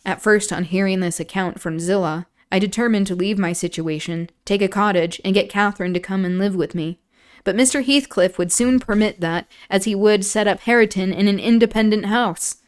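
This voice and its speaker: A woman's voice: medium pitch, moderate pace, smooth. Woman reading a classic novel aloud. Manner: relaxed, chatty asides and laughter between passages.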